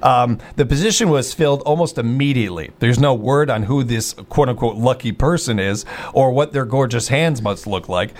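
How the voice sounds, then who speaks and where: A show host with a mid-range voice and moderate pace rambles through a casual banter show. He jokes at his own expense and keeps stammering and restarting his sentences.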